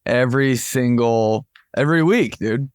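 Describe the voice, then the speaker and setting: A man's voice: medium pitch, a little slow, clear, resonant tone, dry recording, studio quality. A young man co-hosting a podcast over a video call, chatting casually, rambling and laughing while saying "bro" and "dude" a lot. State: sick with phlegm. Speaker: podcast co-host. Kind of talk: casual chat. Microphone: headphones with podcast mic on a video call.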